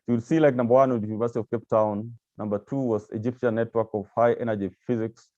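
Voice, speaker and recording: A man's voice: medium pitch, steady tone, fast, mellow, no room sound, dull audio. A man giving a presentation with slides to staff of agencies, speaking hesitantly with many repeated words and fillers. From Kenya.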